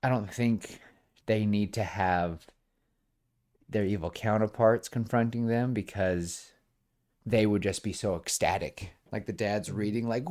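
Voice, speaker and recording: A man with a fairly low voice co-hosts a podcast. He rambles through a story pitch in a relaxed, chatty way. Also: unhurried. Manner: rambling, acts out bits of dialogue. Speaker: podcast co-host. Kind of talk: casual pitch-meeting chat.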